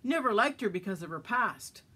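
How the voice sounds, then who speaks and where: A woman's voice: medium pitch, expressive, brisk, sharp tone, slightly rough. A woman reading a story aloud, voicing an impulsive young male cowboy who keeps pressing with questions. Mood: insistent.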